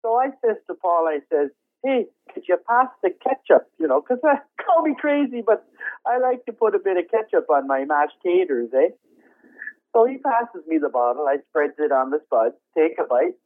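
Man voicing a high-pitched, folksy older roadie who rambles into anticlimaxes, heard on a tinny phone line. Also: very animated, exaggerated voice. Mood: rambling. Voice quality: folksy rambling with frequent chuckles. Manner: drawn-out anticlimactic storytelling. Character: rambling old male rock roadie, folksy and easily amused. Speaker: phone-in guest. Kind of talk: comedy phone interview sketch.

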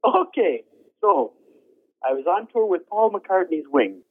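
In a comedy phone interview, the guest is a man doing a full character voice as an aging rock roadie who tells meandering, folksy tales that fizzle out, laughing at himself along the way. His high, husky voice swings widely in pitch. The dry, tinny line carries no room sound.

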